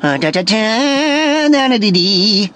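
A man voicing a cheerful little male parrot in a high East Coast comic voice. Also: animated, slow, sharp tone, heavily acted.

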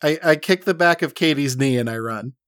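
A man with a slightly higher voice, joking with friends as a player. He describes his moves in a casual way. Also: a little fast, a bit bright. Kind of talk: casual play banter.

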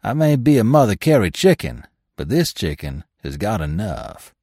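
A man's voice: on the low side, sing-song, normal speed, mellow, slightly rough, no room sound, clean studio sound, exaggerated voice. A man voicing a sullen old trapper and whaler who talks in a folksy, blunt backwoods drawl. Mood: drawling, rough.

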